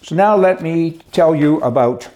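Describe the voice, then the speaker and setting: A man's voice: a little high, unhurried, warm tone. A man hosting an opinionated monologue, rambling and scornful, with chuckles and restarts. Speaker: commentary show host.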